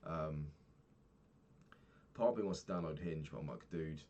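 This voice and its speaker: Young guy with a really deep voice just rambling about his day, swears a lot, lots of ums, faint hum in the background. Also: normal speed, darkish tone, muffled recording. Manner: rambling, frank, swears casually, many fillers. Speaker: vlogger. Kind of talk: casual daily vlog monologue.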